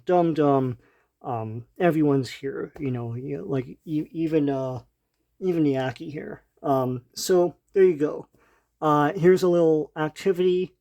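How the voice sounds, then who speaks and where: A man's voice: on the high side, warm tone. A man casually retelling a comic book story as a reviewer, rambling with many ums and restarts. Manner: laughs lightly between remarks.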